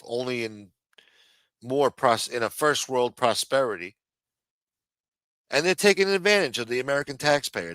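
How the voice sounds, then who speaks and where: A man's voice: mid-range voice, pushed and bright, dry recording. A man hosting a livestream, delivering a heated, profane rant with lots of repetition. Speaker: livestream host. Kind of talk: profane political rant on a stream.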